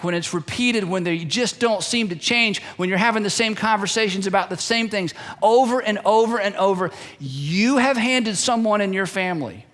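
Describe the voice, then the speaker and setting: A man's voice: high-pitched, a bit bright. A male pastor preaching a sermon, emphatic and repetitive, acting out little quoted exchanges.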